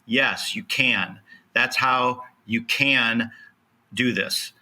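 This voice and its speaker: A man's voice: mid-range voice, drawn-out words, sharp tone. A man on a podcast as a land specialist guest, speaking emphatically and motivationally, acting out bits of dialogue as he explains. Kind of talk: podcast interview.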